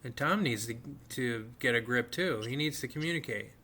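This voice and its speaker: A man hosting an advice podcast, calm and direct, giving blunt advice. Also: medium pitch, normal speed. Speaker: podcast host, advice giver. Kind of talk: casual advice chat.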